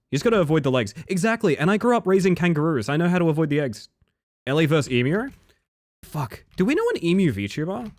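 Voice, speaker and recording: A man's voice: fairly high pitch, very animated, quick pace, a little mellow, no room sound, clean studio sound. A young Australian man streaming live, rambling and joking with his chat and swearing freely.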